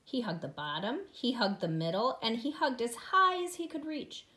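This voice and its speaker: A woman, a preschool teacher, reading a picture book aloud to young children in an expressive, sing-song way. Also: on the high side, moderate pace.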